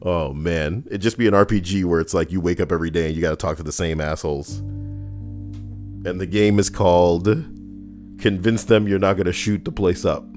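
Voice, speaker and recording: A man's voice: sits low, moderate pace, darkish tone, faint music behind. A man streaming, reading out comments with crude, profane jokes.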